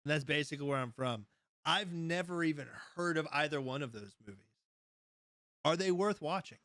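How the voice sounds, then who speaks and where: A man's voice: on the high side, lively intonation, moderate pace, a bit bright, dry recording, clean studio sound. A man hosting a casual live stream, rambling through stories, laughing often as he goes and answering his chat. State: high. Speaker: livestream host.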